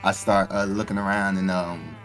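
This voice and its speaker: A tabletop game player role-playing a character, talking hesitantly with pauses and fillers. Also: low-pitched, steady tone, fairly bright tone, soft background music. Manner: hesitant, halting delivery. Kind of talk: in-character role-play with narration.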